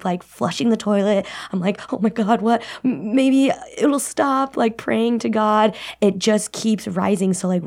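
A young woman tells a personal story in a casual, chatty way, laughing now and then. Her voice sits at a middle pitch. She acts out the people in the story with lively little voices. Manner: chatty, animated, laughs while telling, acts out quotes. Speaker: guest storyteller.

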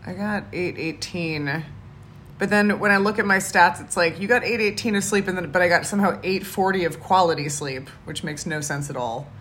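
Woman on a chatty podcast, kinda low voice, rambles and restarts, faint hiss behind. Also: normal speed, fairly bright tone. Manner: rambling, restarts, laughs often. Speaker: podcast co-host. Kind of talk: casual chat.

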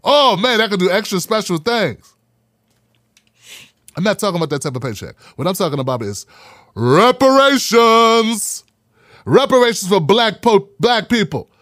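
Animated, high-voiced male podcast host. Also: brisk, long pauses, no room sound, studio quality. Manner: animated, preachy, repeats phrases for emphasis. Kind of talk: live-streamed podcast talk.

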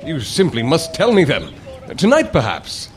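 An actor playing a jovial, chummy upper-class British army officer with a put-on British accent. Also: male voice, on the high side, huge pitch swings, normal speed, a little hiss or hum. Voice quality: chummy, plummy.

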